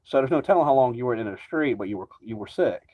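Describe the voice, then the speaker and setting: A man's voice: mid-range voice, lively intonation, fast talker. A man ranting casually to camera, rambling and agitated, swearing constantly. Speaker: vlogger. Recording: dull lo-fi recording.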